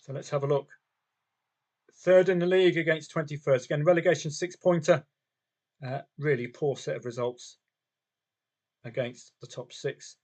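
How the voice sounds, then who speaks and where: Man, slightly high voice, casual livestream chat, rhetorical asides. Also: moderate pace, pauses often, darkish tone. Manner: chatty, talks to himself and viewers, rhetorical questions. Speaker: football trading livestream host. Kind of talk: casual live commentary on matches and bets.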